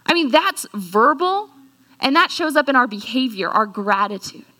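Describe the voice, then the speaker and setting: A woman giving a sermon in an earnest way, slowing down on scripture and asking the listeners questions. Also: sits high, sing-song, sharp tone. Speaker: speaker at a church talk.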